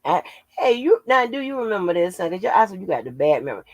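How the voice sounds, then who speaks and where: Female channel host, gravel in the voice, loose, profane and laughing, dry close sound. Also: lowish voice, very animated, fast, darkish tone, dry recording, rough recording. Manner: salty, laughing, profane storytelling. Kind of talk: casual livestream chat.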